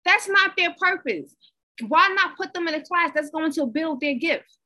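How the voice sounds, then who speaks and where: A woman giving a conversational, animated inspirational talk, repeating herself for emphasis. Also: extremely high pitch, normal speed, poor audio. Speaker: motivational speaker.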